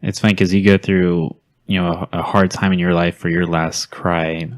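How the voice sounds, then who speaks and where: A man with a very deep voice, chatting as a podcast guest. He speaks earnestly and reflectively. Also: little pitch movement, moderate pace. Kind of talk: casual chat.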